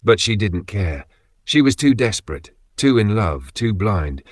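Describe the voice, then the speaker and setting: A man's voice: fairly low pitch, sing-song, measured pace, dry recording, studio quality. A man telling a dramatic story as scripted narration, putting on voices for the quotes.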